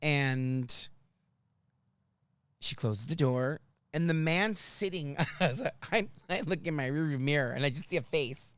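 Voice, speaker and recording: A man's voice: a little high, normal speed, dry recording. A man hosting a comedy podcast who tells driving stories and acts out the people in them. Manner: animated, acts out quotes in voices. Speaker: podcast host and rideshare driver. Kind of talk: comedic storytelling chat.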